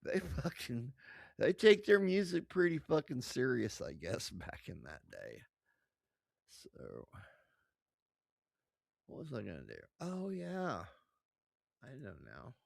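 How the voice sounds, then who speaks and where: Brief: slow-talking man live-streaming, profane and chatty, close dry desk mic. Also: medium pitch, wildly swooping pitch, creaky, no echo. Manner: profane, rambling, laughing asides. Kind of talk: casual live-stream commentary.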